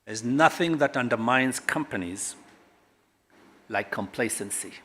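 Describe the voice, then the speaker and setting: A middle-aged man from Kenya, a government guest speaker at a corporate launch, speaks emphatically and swings sharply between loud and quiet. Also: mid-range voice, animated, measured pace. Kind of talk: public speech at a corporate launch.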